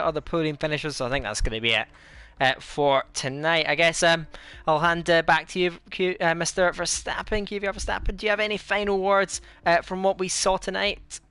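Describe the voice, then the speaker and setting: A man's voice: fairly high pitch, steady tone, moderate pace, pushed and bright, clean tone, dry recording. A man hosting a league's post-race broadcast, asking questions with many hesitant fillers.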